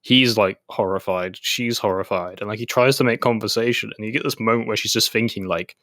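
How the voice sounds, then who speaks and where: A man co-hosting an anime podcast, chatting casually and loosely with plenty of fillers. His voice sits a little low but sounds bright and forward. The recording is dry and close. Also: a little fast, few pauses, no echo. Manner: chatty, many "like" fillers, retells scenes in quoted voices. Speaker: podcast co-host. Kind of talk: casual chat.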